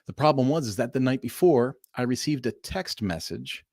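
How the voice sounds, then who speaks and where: A middle-aged man from Southern California hosting a casual livestream, telling stories with lively enthusiasm and calling his viewers "folks.". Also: medium pitch, moderate pace, creaky, no room sound, studio quality. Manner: animated storyteller addressing viewers as "folks". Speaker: livestream host.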